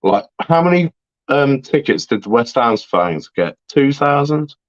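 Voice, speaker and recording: A man's voice: medium pitch, very animated, unhurried, no echo, muffled recording. A man calling into a fan phone-in, speaking, heated and swearing, repeating himself. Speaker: caller.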